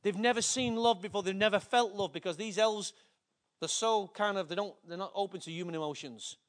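A man preaching a sermon to his church, fervent and emotional, with big swings in loudness. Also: sits high, fairly quick. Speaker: pastor.

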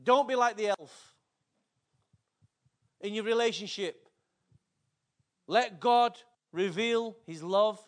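High-voiced fervent male preacher. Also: takes it slowly, long pauses. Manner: fervent, emotional, with big swings in pitch and loudness. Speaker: pastor. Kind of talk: sermon.

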